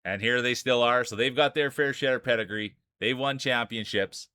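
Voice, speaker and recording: A man commentates marble races on his live stream, building each race up like a big sports event and calling out his viewers by name. His voice is smooth and resonant at a middle pitch. The sound is dry and close to the microphone. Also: normal speed, bright, forceful tone, no echo.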